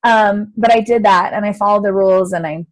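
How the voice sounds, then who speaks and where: A woman in her thirties, from the United States, telling her own life story as an interview guest, often acting out her younger self with big swings in voice. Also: brisk. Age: 30s. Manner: animated, acts out her own past voice with big pitch jumps. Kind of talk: casual personal interview storytelling.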